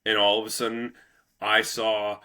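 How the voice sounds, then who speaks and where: A man hosting a casual history podcast, telling the story in a loose, profane, animated way. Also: on the low side, normal speed. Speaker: podcast host.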